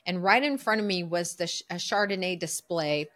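A middle-aged woman, a coach, telling a personal story as a podcast guest in an earnest, lively way. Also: lowish voice, normal speed. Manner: lively, earnest storyteller who acts out her own inner voice.

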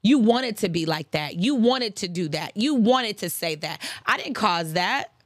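A woman's voice: medium pitch, animated, unhurried, no echo, studio quality. A woman hosting a casual faith-based talk on forgiveness, chatty and emphatic, repeating phrases for emphasis and breaking into preachy asides. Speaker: host.

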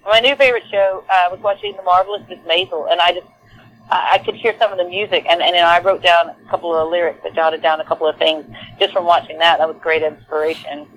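Speaking quickly in a voice on the low side, a lead singer from Texas with a Southern drawl sits for a casual interview, animated and often restarting or using fillers. The recording is low quality.

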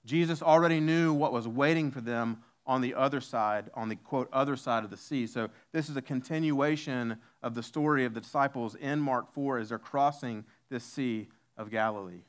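A male pastor preaching a sermon, reading scripture aloud and slowing down to stress key lines. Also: medium pitch. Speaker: lead pastor.

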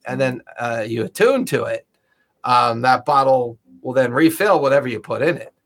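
A man runs a tabletop game session, speaking as a shopkeeper in a loose, halting way. His voice is gravelly and husky, and it moves lively up and down. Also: medium pitch. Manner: casual, halting, laughs often. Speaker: game master.

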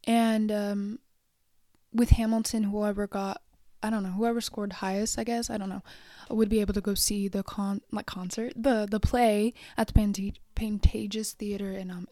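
A woman's voice: medium pitch, darkish tone, no echo, studio quality. A teenage girl telling a personal story, rambling with many fillers and drifting into whispery asides. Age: teens. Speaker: vlogger.

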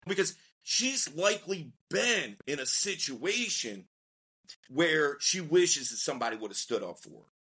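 A man, a dating coach on a podcast, telling a story in a casual, slangy way and acting out the quotes with lively energy. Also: on the high side, a little slow, husky. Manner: animated, slangy storyteller who acts out quotes.

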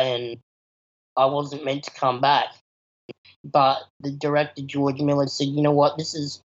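A man talks through his interview answers with eager, chatty energy, at a middling pitch for a man. The recording sounds a little dull and lo-fi, with the top end rolled off. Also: fairly bright tone. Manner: enthusiastic, chatty, with fillers like "you know". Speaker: actor, interview guest.

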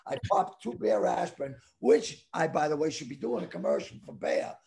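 A man in his sixties telling a story loudly and crudely, with lots of animated outbursts. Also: fairly high pitch, moderate pace, gravelly. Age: 60s. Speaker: guest comedian. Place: home.

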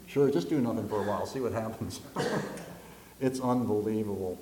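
A man's voice: fairly low pitch, normal speed, noisy background. A man preaching a sermon, telling jokes and stories and acting out the voices in them. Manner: folksy storyteller, acts out voices in jokes. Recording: echoey room.

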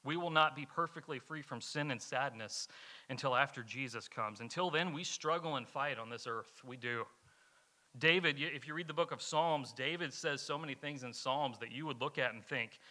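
A man's voice: medium pitch, moderate pace, pushed and bright. A man preaching as a pastor, answering questions in a sermon, earnest and emphatic, repeating his key lines. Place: church, streamed live.

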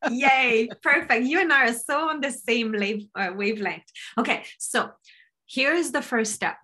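A woman coach explaining a self-help technique on a podcast in an energetic, teaching manner over a video call. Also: on the high side. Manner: energetic, explanatory, acts out inner voices.

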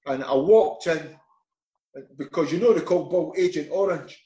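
A middle-aged man with a Scottish accent, a former footballer telling animated anecdotes in an interview, acting out the voices in them. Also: a little high, moderate pace, echoey room, low-quality recording. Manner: lively, animated storyteller acting out dialogue. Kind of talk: anecdotal storytelling.

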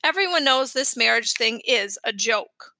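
A woman's voice: on the high side, lively intonation, moderate pace, bright, forceful tone, no echo. A woman reading aloud, voicing a sulky, sarcastic preteen older brother in a storybook. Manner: sarcastic, grumbling.

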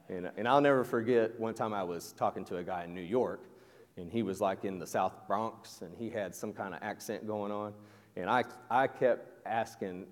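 A pastor with a low, darkish voice preaches briskly and conversationally, restarting sentences and questioning his listeners. The recording carries the long echo of a large hall.

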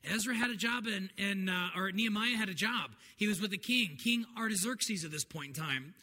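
A man's voice: high-pitched, fairly quick, pushed and bright. A man, a pastor, preaching a sermon to his congregation in an earnest, conversational way. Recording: long hall reverb, faint noise.

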